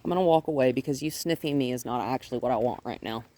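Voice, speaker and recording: A woman walks through a dog training session outside at a quick pace. Her explanations are calm. Her praise for the dog comes out high-pitched and sing-song.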